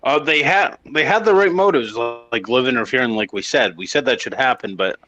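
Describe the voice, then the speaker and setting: A man's voice: medium pitch, fairly quick, pushed and bright, poor audio. A man co-hosting a casual wrestling podcast who rambles and restarts his sentences. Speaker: podcast co-host. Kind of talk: casual chat.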